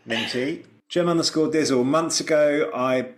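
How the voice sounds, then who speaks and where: Dry-humoured podcast co-host, mid-pitched voice. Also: unhurried, noisy background. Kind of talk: casual chat, reading listener posts.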